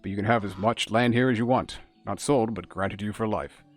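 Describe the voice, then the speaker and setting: A man voicing a gruff, blunt male village castellan with a gravelly voice, reading game dialogue aloud. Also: fairly low pitch, steady tone, brisk, faint music behind, lightly acted. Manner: blunt, matter-of-fact.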